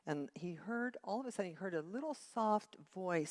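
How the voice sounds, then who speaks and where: A woman's voice: medium pitch, animated, moderate pace. Chatty woman minister giving a sermon. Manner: chatty, self-interrupting, tells jokes. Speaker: assistant minister. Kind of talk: casual sermon. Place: church sanctuary.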